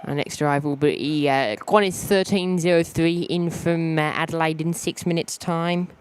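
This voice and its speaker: Aussie male host for a casual outdoor live stream; relaxed, halting, repeats himself. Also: fairly high pitch, clean tone. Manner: easygoing, halting, repeats words. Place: outdoors at an airport.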